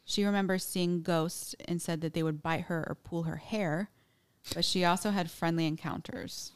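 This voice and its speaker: A woman's voice: on the low side, steady tone, moderate pace, clear, resonant tone. A young woman co-hosting a podcast, chatting casually and reading from her notes with many fillers and restarts. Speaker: podcast co-host.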